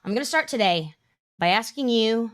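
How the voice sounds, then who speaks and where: A woman's voice: a little high, animated, normal speed. A woman co-hosting a comedic podcast, playful and silly, breaking into sung bits and goofy voices. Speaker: podcast co-host. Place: indoor room.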